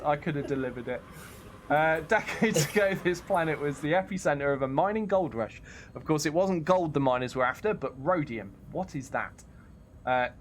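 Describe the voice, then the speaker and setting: A man hosts a live game stream, joking and tripping over his words as he plays. His voice runs a little high for a man. A faint hiss sits behind it. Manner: joking, stammering, laughing often. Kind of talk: casual live-stream commentary.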